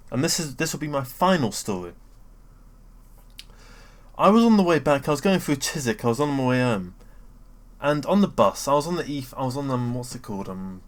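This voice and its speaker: A young adult man with a British accent giving a casual, rambling rant. He swears freely, fills gaps with "um", breaks off his own sentences and keeps bouncing up into excited bursts. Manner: rambling and sweary, with frequent fillers and self-interruptions; excitable, often jumping up in pitch and loudness. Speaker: vlogger.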